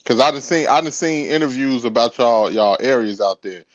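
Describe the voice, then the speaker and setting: A laid-back man hosting a casual podcast, speaking in a middle-pitched voice full of fillers and easy laughter. The recording is dry and slightly dull. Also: moderate pace, no room sound. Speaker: podcast host.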